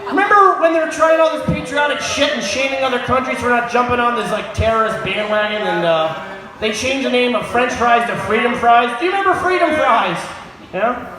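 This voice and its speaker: A man doing a crude, crowd-baiting stand-up set on a pub stage, often shouting at the audience. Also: very high-pitched, lively intonation, brisk. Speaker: stand-up comedian. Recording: echoey room with crowd noise.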